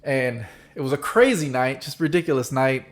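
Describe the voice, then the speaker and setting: A man's voice: mid-range voice, moderate pace. A man hosting a casual podcast chat, telling stories animatedly and acting out quoted voices. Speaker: podcast host. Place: San Diego.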